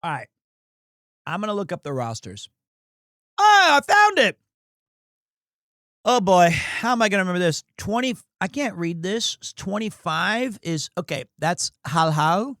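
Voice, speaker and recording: A man riffs through casual sports commentary, rambling, crude and quick to mock himself. His voice sits notably high. The sound is dry and close, with no room echo. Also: expressive, a bit bright. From United States. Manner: rambling, crude, self-mocking. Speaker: streamer.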